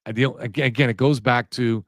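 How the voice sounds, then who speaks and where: Man, livestream host, casual rambling commentary, restarts sentences, mid pitch, dry close sound. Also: steady tone, brisk, fairly bright tone, no echo.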